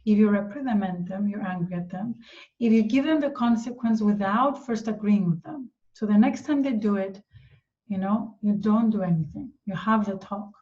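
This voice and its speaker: A woman answering a parent's question as a parenting coach, speaking calmly and gently and acting out what a parent might say to a child. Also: mid-range voice, normal speed. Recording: dull, slightly distant sound.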